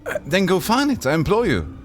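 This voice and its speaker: A man's voice: deep voice, animated, moderate pace, faint music behind. A man voicing a despairing, sardonic aging woman who turns frantic and pleading, read from a game. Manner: wistful, then frantic and pleading.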